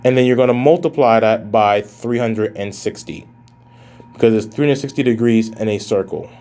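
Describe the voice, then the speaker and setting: A man's voice: lowish voice, normal speed, dark tone. Casual male math professor lecturing. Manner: casual, addresses students as guys, thinks aloud while calculating. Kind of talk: recorded lecture.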